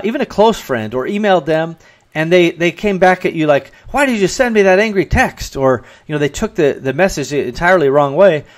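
A man with a somewhat high-pitched voice delivers a solo podcast talk on business mistakes. He speaks earnestly and advisingly, often slipping into quick quoted exchanges to illustrate his points. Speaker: podcast host.

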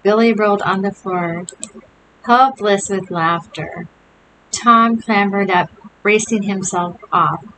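A woman reads a children's chapter book aloud, giving the story an expressive lilt. Her voice sits at a middle pitch. A steady hiss runs under the whole recording. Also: takes it slowly, low-quality recording.

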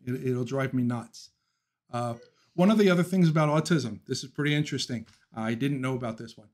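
A man's voice: mid-range voice, a little fast, darkish tone. A man from Philadelphia hosting a casual livestream, talking through viewer comments, ranting with opinions and laughing often. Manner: talks through thoughts with frequent ums and restarts. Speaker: livestream host.

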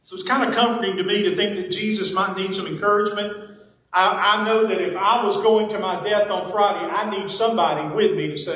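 A man preaching in a folksy, conversational way. His voice sits high and carries through a heavily reverberant sanctuary, picked up from some distance. He drops in playful asides as he talks to the congregation. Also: steady tone, brisk, pushed and bright. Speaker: pastor. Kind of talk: sermon. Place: church sanctuary. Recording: very echoey church sanctuary, mic at a distance.

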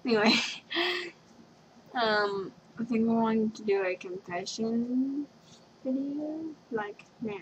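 A woman's voice: a little high, slow pace, pauses often, slight background noise. A young woman rambling through a casual confession vlog at home, giggly and scatterbrained, often losing her train of thought. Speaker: vlogger. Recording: dull lo-fi webcam recording.

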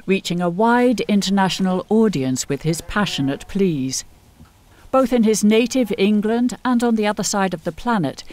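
A documentary narrator delivering a scripted voice-over. The voice sits at a middle pitch, and the reading is even and polished throughout.

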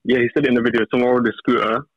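A young man calling in to a live show, talking quickly and ending lines with "innit". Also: mid-range voice, flat delivery, a crowd in the background. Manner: rapid, laid-back, ends lines with "innit". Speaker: caller. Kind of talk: phone-in call. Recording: dull, dry phone line.

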